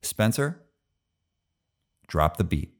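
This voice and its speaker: A man's voice: on the low side, very animated, extremely slow. A middle-aged man hosting a podcast, talking in a loose, easygoing way with lots of fillers. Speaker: podcast host. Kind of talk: casual interview chat.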